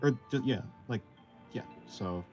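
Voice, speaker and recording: A man's voice: mid-range voice, a little slow, darkish tone, soft background music. A young man streaming while he draws, reading chat aloud and answering in a hesitant, rambling way with many fillers. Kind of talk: casual live-stream chat while drawing. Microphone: desk microphone, described as muffled by chat.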